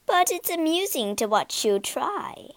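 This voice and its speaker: Lady playing a cold mean snow queen, bored and mocking, slow and sweeping. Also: sits high, very animated, pitched above the performer's own voice.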